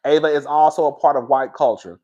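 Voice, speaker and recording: Guy with a kinda high voice ranting to his viewers, swears a lot, keeps restarting and going off track. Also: steady tone, fairly quick, mellow, muffled recording. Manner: candid and profane, talks straight to viewers; rambling, with frequent restarts and asides. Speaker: reality TV commentator. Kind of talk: casual commentary vlog.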